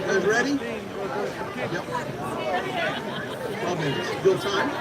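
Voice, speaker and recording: Hyped man announcing over a loud crowd. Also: high-pitched, animated, takes it slowly. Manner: theatrical, hyped, shouting countdowns. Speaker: contest announcer. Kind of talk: live event emcee commentary. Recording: distant outdoor PA with crowd and music.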